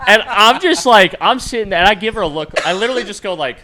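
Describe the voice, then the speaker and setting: A man's voice: sits high, expressive, quick pace, bright, forceful tone. A young man co-hosting a comedy podcast, telling stories with laughs and acted-out quotes. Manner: storytelling, laughing, acts out quotes. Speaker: podcast co-host. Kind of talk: casual comedy chat.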